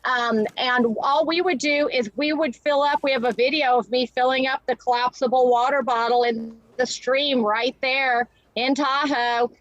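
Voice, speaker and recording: High-voiced chatty woman, dry sound. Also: steady tone, no room sound, muffled recording. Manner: chatty, quick with many restarts and fillers. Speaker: guest entrepreneur. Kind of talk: casual interview chat.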